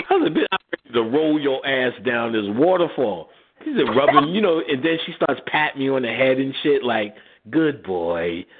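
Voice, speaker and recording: A man hosting a radio show, spinning a rambling profane story and breaking into laughter, his pitch leaping all over as he acts out each person in it. His voice is a bit husky, and it comes through a thin, phone-like line. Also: expressive, moderate pace.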